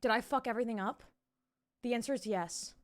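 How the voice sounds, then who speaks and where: A woman's voice: on the high side, a little fast. A young woman streaming from home, chatting casually with her viewers, reading chat aloud and swearing freely into a desk mic with a pop filter.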